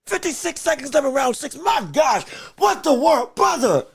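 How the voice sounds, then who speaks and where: A male podcast host giving live watch-along commentary on a fight, excitable and emphatic, shouting encouragement with a strained voice. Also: very high-pitched, normal speed, no room sound. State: straining his voice.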